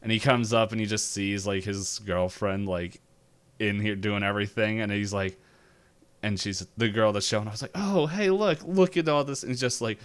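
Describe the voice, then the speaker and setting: A man's voice: fairly low pitch, a little fast, clear, resonant tone. A man running a tabletop game, chatting casually with his players and acting out quotes as he tells stories. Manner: animated storyteller, acts out quotes. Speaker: game master.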